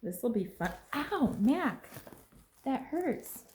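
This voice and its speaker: A woman vlogging as she unboxes a package at home, gushing and exclaiming excitedly over each item. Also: high voice, slow, a little hiss or hum. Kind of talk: casual unboxing vlog. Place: at home with a pet. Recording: echoey room.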